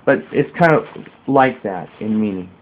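A man reading a religious text aloud slowly, adding small explanatory comments and restarts. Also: lowish voice, expressive. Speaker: reader. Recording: narrow phone-like sound.

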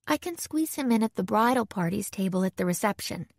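A woman's voice: medium pitch, expressive, fairly quick, creaky, no room sound, studio quality. A woman voicing a tired, anxious young bride who speaks hesitantly. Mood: weary.

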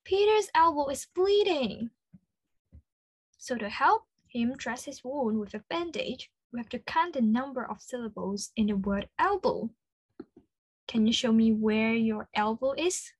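A woman with an Australian accent leading an interactive children's lesson, slow and encouraging, full of praise. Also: a little high, lively intonation, husky, dry recording. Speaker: children's speech clinic presenter.

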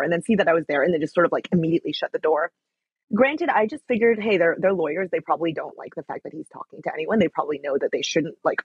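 A woman's voice: lowish voice, husky, dry recording, phone-quality sound. A young woman telling a story as an interview guest, chatty, full of fillers, acting out what people said. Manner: chatty, many "like" fillers, acts out quoted lines.

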